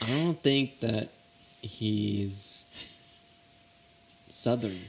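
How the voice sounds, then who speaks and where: A man's voice: on the low side, very slow, gravelly. A man hosting a comedy talk show, trading laid-back, dryly joking banter with his guest. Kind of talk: casual comedic chat.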